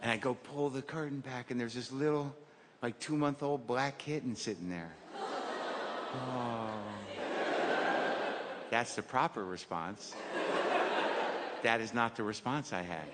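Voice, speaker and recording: A man's voice: medium pitch, unhurried, pauses often, heavy background noise. A middle-aged man doing a stand-up routine, rambling and self-deprecating in a wry, neurotic way. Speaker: stand-up comedian. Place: stage in a theater. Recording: live theater with crowd and reverb.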